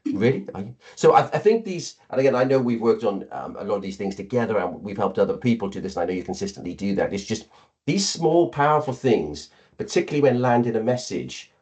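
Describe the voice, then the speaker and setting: Low-voiced male podcast host, affirming. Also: big pitch swings, quick pace, darkish tone. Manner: affirming, restarts often, conversational. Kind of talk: podcast interview.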